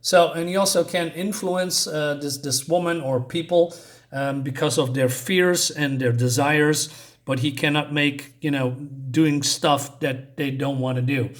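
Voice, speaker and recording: A man's voice: a little high, steady tone, a little slow. A man chatting casually through a comic book review, hesitant, with many fillers and restarts.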